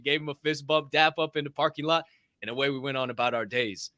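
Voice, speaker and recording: Loud brash podcast guy, punchy forceful voice, swears a lot, dry close sound. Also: a little high, brisk, no echo. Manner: brash, profane, animated storytelling. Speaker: podcast co-host. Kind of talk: casual motivational chat.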